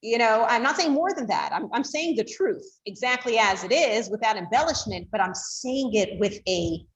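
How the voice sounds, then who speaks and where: A woman's voice: fairly high pitch, expressive, normal speed. Woman teacher lecturing in a roomy space. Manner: explains with frequent fillers, acts out tones of voice. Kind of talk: lecture to a class. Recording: roomy echo.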